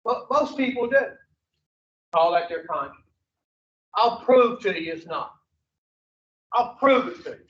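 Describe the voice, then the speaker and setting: A man's voice: high voice, animated, a little slow, pauses often, fairly bright tone. A man giving a blunt, profane preaching talk to a recovery group, firing rhetorical questions at the room. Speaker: recovery speaker. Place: meeting room at an addiction recovery center. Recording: roomy, distant, muffled room recording.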